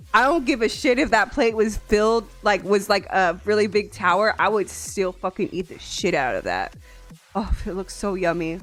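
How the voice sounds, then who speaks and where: Lively, soft-voiced woman streamer from Tennessee. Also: medium pitch, normal speed, faint music behind. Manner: chatty, swears freely, laughs often. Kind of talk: casual chat with viewers.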